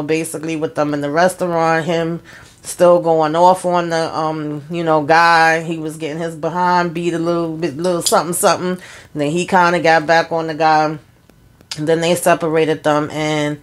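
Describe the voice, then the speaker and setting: A woman hosting her own channel, chatting frankly as she recaps a TV episode and gives her opinion, retelling scenes with quoted lines. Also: low voice. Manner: drawling informal speech, many fillers. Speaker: TV episode reviewer, channel host.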